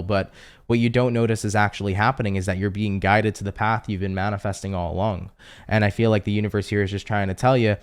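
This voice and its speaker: A man's voice: fairly low pitch, smooth. Chatty, reassuring young man reading tarot. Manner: chatty, reassuring, lots of fillers and rhetorical questions. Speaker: tarot reader. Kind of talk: casual tarot reading to camera.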